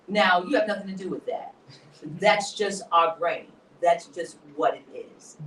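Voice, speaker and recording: A poet speaking as a guest in a live onstage interview, an animated storyteller who mixes motivational talk with laughter. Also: male voice, high-pitched, measured pace, roomy sound, recorded from a distance, slight background noise, low-quality recording. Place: hall at a live event.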